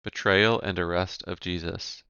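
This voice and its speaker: A man giving a measured, even reading of Bible scripture, announcing each section heading. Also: deep voice, vocal fry, clean tone, no echo, highs cut off. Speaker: scripture reader.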